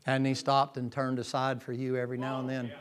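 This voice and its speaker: A man preaching a sermon in a folksy way, swinging from loud passages to hushed whispers. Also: medium pitch, completely flat delivery, fairly quick. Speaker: pastor.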